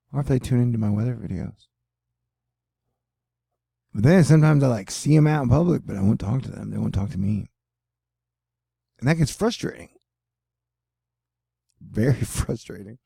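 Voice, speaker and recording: A man's voice: medium pitch, normal speed, creaky, long pauses, warm tone, husky, no room sound, clean studio sound. A middle-aged man from the United States hosting a casual weather video, rambling and joking with lots of fillers. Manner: rambling, jokey, frequent fillers. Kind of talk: rambling casual vlog commentary.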